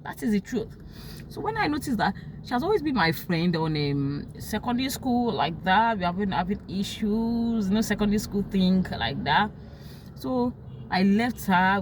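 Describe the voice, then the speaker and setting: A young Nigerian woman with a Nigerian accent talking about her life in casual storytelling, emotional and quick to act out what others said. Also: mid-range voice, a little hiss or hum. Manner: emotional, animated, quotes others in sharp raised tones.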